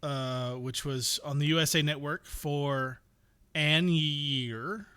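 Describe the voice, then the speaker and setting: A man's voice: on the high side, fairly even intonation, slow pace, bright, forceful tone, clean tone. A man hosting a movie podcast, chatting casually and reading out film credits with dry sarcasm. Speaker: podcast host. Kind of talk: casual movie review chat.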